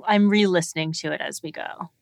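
A woman's voice: fairly low pitch, brisk, gravelly, no room sound, studio quality. Hesitant, thoughtful woman guest. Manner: hesitant, thoughtful, frequent ums. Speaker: podcast guest. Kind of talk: casual podcast chat. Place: shared recording room.

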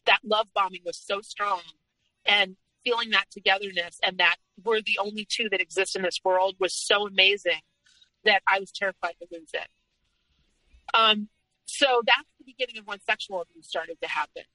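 A woman's voice: medium pitch, moderate pace, sharp tone, dry recording, low-quality recording. A woman speaking as an interview guest, telling her personal story frankly and candidly in conversation.

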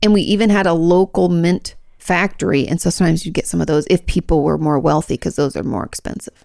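Woman, podcast co-host, casual chat, low gravelly voice, dry close sound, laughs often. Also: quick pace, no room sound. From Washington state. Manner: chatty, laughs often, animated storytelling.

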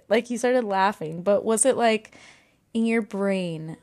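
A woman's voice: mid-range voice, unhurried, a little mellow. A young woman hosting a podcast, rambling casually and self-consciously, full of likes and restarts. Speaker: podcast host.

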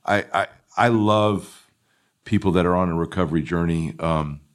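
A man with a very deep voice hosts a studio podcast. He talks in a relaxed, conversational way and keeps nudging his guest along with short encouraging responses. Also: normal speed. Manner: encouraging, frequent brief affirmations. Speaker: podcast host. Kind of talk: interviewing, casual chat.

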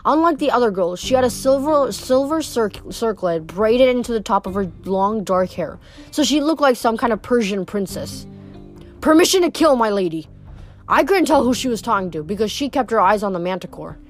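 A woman's voice: a little high, lively intonation, brisk, faint music behind. A woman reading a novel aloud, stumbling and correcting herself now and then. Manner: casual, stumbles and self-corrects. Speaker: reader.

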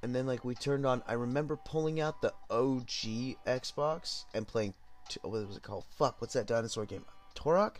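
A young man from Southern California telling a casual story, loose and rambling, with plenty of swearing. He sounds high and unhurried, with soft music faintly under his voice. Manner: rambling, profane, laid-back. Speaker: podcast host.

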